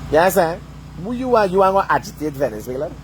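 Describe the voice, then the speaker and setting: A man's voice: high voice, big pitch swings, very fast, slight background noise. A man delivering a heated, profane rant, swearing constantly and asking "you understand?" over and over. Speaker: vlogger.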